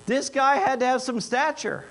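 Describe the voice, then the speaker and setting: A man preaching a sermon in an animated way, dropping into quiet asides and rising into loud, emphatic bursts. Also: very high-pitched, moderate pace.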